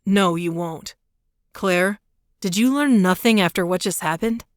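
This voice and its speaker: A woman narrator voicing a protective young man in an audiobook, firm and soothing in her own lower voice. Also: measured pace, dry recording, studio quality, close to an everyday voice. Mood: insistent. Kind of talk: audiobook character reading.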